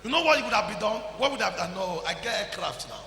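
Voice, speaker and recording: High, bright-voiced Nigerian preacher in a hall. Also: male voice, lively intonation, quick pace, creaky, slight background noise. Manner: exhorting, calls people forward, shouts at peaks. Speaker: pastor. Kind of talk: sermon.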